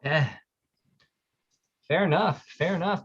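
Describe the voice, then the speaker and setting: Male co-host, blunt and profane, exasperated rants, slightly raised pitch, dull low-fi recording. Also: animated, moderate pace, a bit bright. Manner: blunt, swears often, exasperated ranting. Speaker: podcast co-host reading chat. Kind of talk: casual livestream chat. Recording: muffled lo-fi audio.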